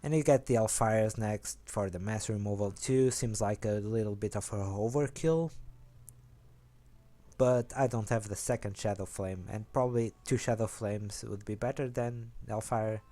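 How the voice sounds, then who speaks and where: A young man rambles casually through an explanation of his card game deck, correcting himself as he goes in a low-key way. He speaks at a moderate pace with a warm tone.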